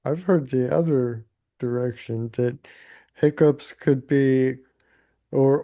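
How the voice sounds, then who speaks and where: A man speaks slowly on a casual podcast and explains in halting phrases, restarting his words. His voice is gravelly and creaky. The tone is very dark and relaxed. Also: mid-range voice. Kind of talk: casual chat.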